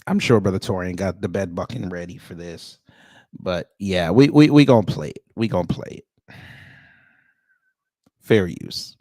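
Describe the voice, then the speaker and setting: A man's voice: deep voice, measured pace, long pauses, dark tone, no room sound, studio quality. A man hosting casual reaction commentary, talking to his viewers as family with frequent stammered restarts. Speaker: commentary show host.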